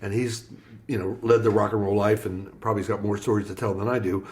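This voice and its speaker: A man's voice: lowish voice, fast talker. A man from Florida, a guest musician on an interview podcast, telling a story and acting out the people in it. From Florida, USA. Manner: animated storyteller acting out quoted dialogue.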